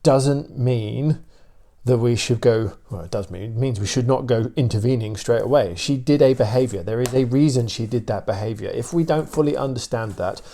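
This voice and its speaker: A British man, a dog trainer, explaining his views in a steady, opinionated casual talk with many fillers. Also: mid-range voice, normal speed, a little hiss or hum.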